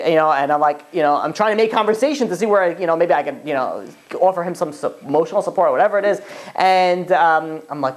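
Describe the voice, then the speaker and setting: A rabbi giving an informal Torah class. He talks in a rambling, animated way, full of asides and acted-out bits of dialogue. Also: fairly high pitch, quick pace.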